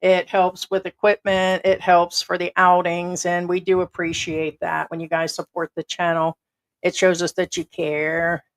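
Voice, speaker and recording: A woman's voice: fairly low pitch, monotone, a little slow. A middle-aged American woman hosting a casual livestream from home, rambling and blunt with casual swearing. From United States. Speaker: livestream host.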